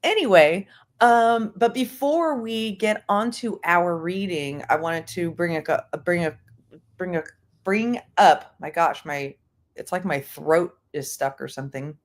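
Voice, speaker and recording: A woman's voice: fairly low pitch, measured pace. A woman hosting a casual livestream book club, rambling with many fillers and restarts and tossing in words from other languages. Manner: jokingly drops bits of other languages.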